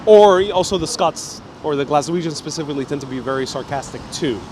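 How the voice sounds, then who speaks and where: A man's voice: on the high side, fairly quick, darkish tone. A man with an American accent, hosting a live walking vlog outdoors and chatting while he reads out viewer comments. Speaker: travel vlogger. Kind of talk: live-stream walking vlog, reading chat. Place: outdoors on a city street. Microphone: handheld phone. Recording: noisy street.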